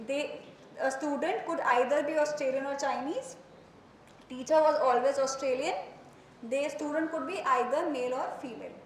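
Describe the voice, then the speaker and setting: In a spacious classroom with a faint hum of room noise, a psychology lecturer with an Indian accent and a high-pitched voice gives a conversational lecture. She sprinkles in Hindi phrases and quizzes her students with questions, her voice echoing around the room.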